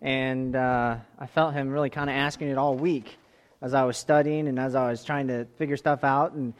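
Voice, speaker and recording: At a normal speed and with a medium, fairly flat pitch, a male pastor preaches to his congregation. He questions them directly, shifting back and forth between loud urging and quieter asides.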